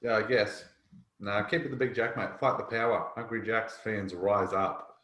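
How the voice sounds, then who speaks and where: A man's voice: on the low side, moderate pace, fairly bright tone, reverberant. A man with an Australian accent, co-hosting a podcast in casual, blunt and opinionated banter. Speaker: podcast co-host. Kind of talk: casual chat.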